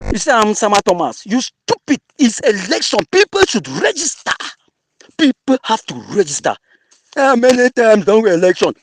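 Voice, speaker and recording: A man's voice: extremely high pitch, very animated, normal speed, background noise. A man with a Cameroonian English accent mixing in Pidgin, angrily insulting an opponent in an online audio debate. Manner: angry, insulting, mocking.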